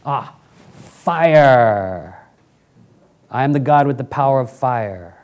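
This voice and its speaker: A preacher playing a booming, boastful God. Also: male voice, animated, takes it slowly. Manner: loud, blunt and showy. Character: booming boastful almighty God showing off power.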